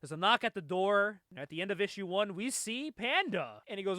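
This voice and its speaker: A man's voice: sits high, lively intonation, moderate pace, bright, forceful tone, no room sound. A young man casually retelling a comic book story on a podcast, laid-back, laughing often and filling his talk with "like.". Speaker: podcast co-host.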